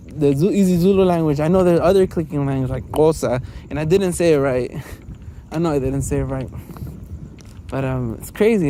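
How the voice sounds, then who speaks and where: A man's voice: a little high, dark tone, a little hiss or hum. A man walking through his neighborhood, talking in a loose, rambling vlog monologue, laughing often. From Los Angeles area. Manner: chatty, laughs often, many fillers. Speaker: vlogger.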